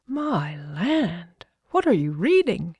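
Storybook role: mild, joking father, read by a woman. Wry and gentle. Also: medium pitch, big pitch swings, slow pace, breathy edge, dry recording, studio quality, full character voice.

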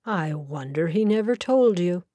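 A woman's voice: fairly low pitch, animated, unhurried, mellow, dry recording, clean studio sound. A woman voicing a grey-bearded senior male solicitor, loyal and curt, in an audiobook. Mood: reminiscing. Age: older. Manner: curt, earnest.

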